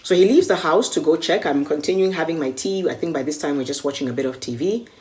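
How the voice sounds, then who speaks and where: A woman's voice: sits low, quick pace, darkish tone, a little hiss or hum. A Kenyan woman recounting a personal story vividly and acting out the dialogue. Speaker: media personality recalling a con.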